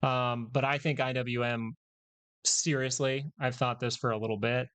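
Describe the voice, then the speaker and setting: A man's voice: medium pitch, steady tone, normal speed, a bit bright, smooth. A man hosting a live stock market stream, rambling through casual commentary, correcting himself and joking with his chat.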